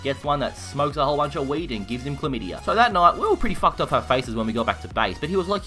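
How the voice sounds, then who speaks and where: A young Australian man telling a story in a rowdy, profane, animated way. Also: mid-range voice, very fast, few pauses, soft background music. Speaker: YouTuber. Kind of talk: casual storytelling while gaming.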